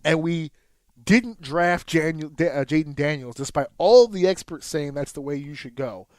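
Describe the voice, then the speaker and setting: A man in his thirties co-hosting a casual podcast, telling a sports story in an animated, profane way and jumping up sharply in pitch when excited. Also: moderate pace, dry recording. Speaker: podcast co-host.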